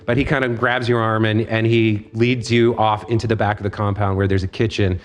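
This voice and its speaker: A man's voice: fairly low pitch, flat delivery, brisk. A man narrating a tabletop game as game master in a loose, conversational way.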